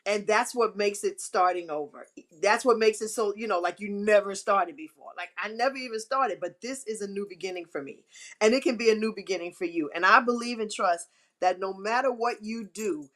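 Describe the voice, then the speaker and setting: A woman's voice: mid-range voice, brisk, fairly bright tone. A middle-aged woman hosting a live stream, giving emphatic, repetitive, churchy encouragement. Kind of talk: inspirational live-stream talk.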